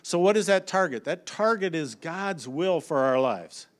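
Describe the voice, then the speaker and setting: Animated, higher-voiced man presenting on stage. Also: measured pace. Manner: animated storyteller who acts out his family's lines. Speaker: conference speaker on children's ministry. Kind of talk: humorous presentation to an audience. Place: on a stage at a conference.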